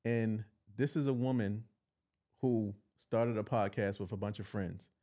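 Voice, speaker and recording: A man's voice: lowish voice, steady tone, unhurried, warm tone. Playful joking man, podcast guest. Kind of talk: casual chat.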